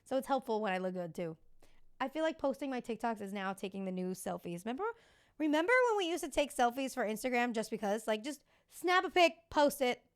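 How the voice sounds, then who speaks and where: A woman's voice: fairly high pitch, lively intonation, a little fast, smooth. Candid, swearing woman in her thirties. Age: 30s. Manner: candid and profane, confiding. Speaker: podcast host. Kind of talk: casual chat.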